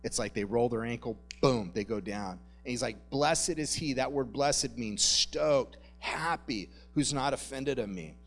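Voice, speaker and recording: A pastor giving a relaxed, conversational sermon, joking and calling his listeners "guys.". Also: medium pitch, a little slow, hardly any pauses, faint music behind. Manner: conversational, jokey, addresses the congregation as "guys". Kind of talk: casual sermon.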